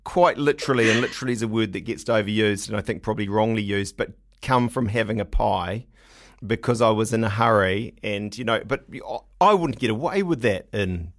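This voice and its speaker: A man's voice: lowish voice, a little fast. A man hosting a podcast interview, joking at his own expense and restarting his sentences. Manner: jokey, self-deprecating, stumbling restarts. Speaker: podcast host. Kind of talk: casual interview chat.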